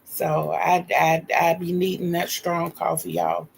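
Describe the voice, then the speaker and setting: Gravelly Southern older woman, slow. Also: on the low side, little pitch movement, a little hiss or hum, low-quality recording. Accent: Southern US, North Carolina. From North Carolina. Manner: chatty, homey, folksy. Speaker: craft livestream host. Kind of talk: casual livestream chat.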